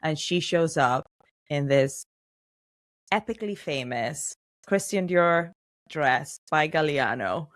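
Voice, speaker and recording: A woman hosting a podcast, retelling scenes in a lively, chatty way and voicing the characters' lines as she goes. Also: deep voice, takes it slowly, pauses often. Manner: animated storytelling, acts out characters' lines. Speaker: podcast host. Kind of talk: casual podcast recap chat.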